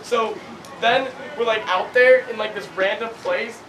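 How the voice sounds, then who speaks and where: Brief: young man, very high voice, giggly rambling improv storyteller, noisy recording. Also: a little slow. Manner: giggly, rambling, full of fillers, voices shouted quotes. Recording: clear background noise.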